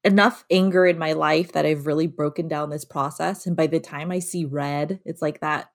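A woman's voice: deep voice, fairly even intonation, normal speed. A woman talking casually and animatedly as a podcast co-host, laughing often and acting out her inner voices. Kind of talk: casual conversation.

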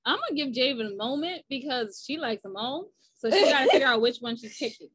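A woman's voice: sits high, lively intonation, a little fast, a bit bright, breathy edge, dry recording. A woman guest and writer on a podcast, chatting casually and teasing her co-guest playfully. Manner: playful teasing, throwing mock shade. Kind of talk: casual chat.

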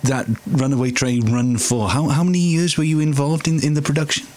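A man's voice: a little high, fairly even intonation, darkish tone, a little hiss or hum. Male host, conversational, stop-start questions. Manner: halting, restarts questions. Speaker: interviewer host. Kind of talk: conversational interview.

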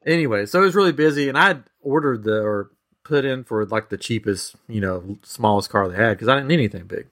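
A man's voice: lowish voice, expressive, brisk, a bit bright. A man hosting a podcast, telling a travel story in a loose, rambling way with lots of restarts. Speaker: podcast host. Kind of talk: casual chat.

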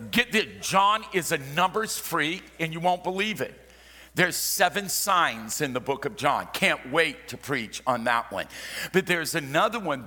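A man's voice: a little high, pushed and bright. A man preaching a sermon, emphatic and drawn out, inviting the congregation to say lines with him. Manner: slow, emphatic preaching with call-and-response. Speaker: pastor.

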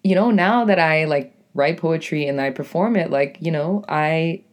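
A young woman with a deep, raspy voice and a New England accent, hosting her own podcast as a poet in a rambling, casual monologue full of "like" and "you know". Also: moderate pace. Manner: rambling, lots of "like" and "you know", self-correcting.

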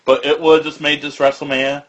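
A man's voice: fairly high pitch, flat delivery, fast talker, a bit bright. Opinionated man, slightly dull lo-fi sound. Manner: opinionated, argues his points. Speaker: podcast co-host. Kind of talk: casual chat.

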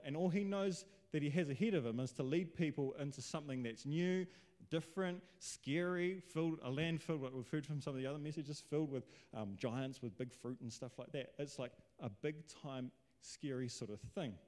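A man's voice: a little high, moderate pace, darkish tone. A man preaching a casual sermon, chatty and joking, firing off rhetorical questions. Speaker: pastor. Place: church hall. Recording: long hall reverb.

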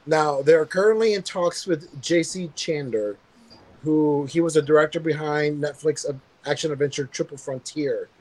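A man with a somewhat high voice hosts a nerdy news podcast, reading items in a loose, rambling way. He fills gaps with ums and uhs and keeps it casual. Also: normal speed, poor audio. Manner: relaxed, rambling with many fillers.

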